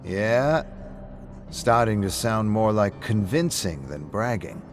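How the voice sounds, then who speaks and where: A calm, sardonic pub owner who pokes at his friend in a dry, measured way, as a man puts him on for a story. The voice stays low and even. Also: music in the background. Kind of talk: audiobook-style story reading.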